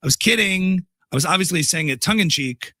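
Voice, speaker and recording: A smug female pundit brushes everything off as a joke, giggling and mocking in a lively sing-song, as a man puts her on for a comedy sketch. The voice sits fairly high and bright. The sound is dry and close. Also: brisk, no room sound, exaggerated voice. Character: sarcastic female political pundit, smug and defensive.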